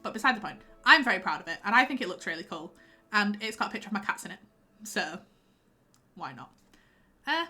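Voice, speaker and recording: A young woman chatting casually with her stream viewers, rambling and excitable. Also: fairly high pitch. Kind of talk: casual livestream chat.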